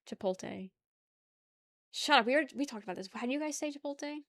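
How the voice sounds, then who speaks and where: A woman's voice: high-pitched, animated, fast, fairly bright tone, no room sound, studio quality. A young woman livestreaming casual chat with her viewers, rambling, laughing easily and swearing offhandedly. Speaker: livestream host.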